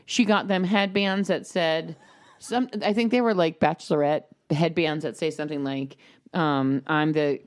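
A woman's voice: low-pitched, moderate pace, no room sound, clean studio sound. A woman in her thirties, a podcast host, telling a family story in casual chat and acting out what people said. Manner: animated storyteller, acts out quotes.

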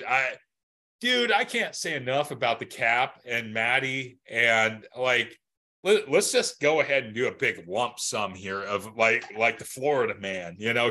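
A man co-hosting a casual podcast, with a bright, forceful voice that stays at an ordinary pitch. He talks loosely and profanely, laughs often and stumbles over his restarts. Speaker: podcast co-host. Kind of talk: casual chat.

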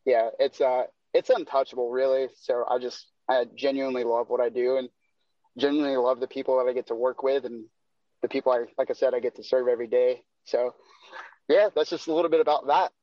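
A man's voice: medium pitch, fairly even intonation, fairly quick, dry recording. Man, podcast guest, casual rambling talk, lots of fillers, muffled dry sound. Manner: rambling, laid-back, many fillers and laughs. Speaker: podcast guest, door-to-door salesman. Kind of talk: casual chat.

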